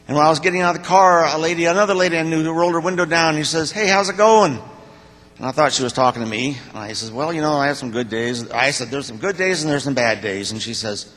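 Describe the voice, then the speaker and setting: A man's voice: medium pitch, a bit bright. Older man in a reverberant church hall. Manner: plain-spoken, halting, heartfelt storytelling. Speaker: church member giving a talk to the congregation. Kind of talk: personal testimony.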